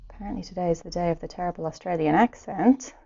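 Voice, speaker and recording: This Irish woman's lowish, mellow voice carries vocal fry and moves at a quick pace as she draws at home on her stream. Chatty and giggly, she talks to herself while sketching, and the audio is dull and lo-fi.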